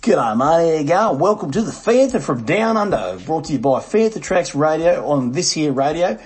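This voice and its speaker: A man with an Australian accent hosting a podcast in lively, jokey casual chat full of slang. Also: a little high, moderate pace, soft background music. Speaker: podcast host.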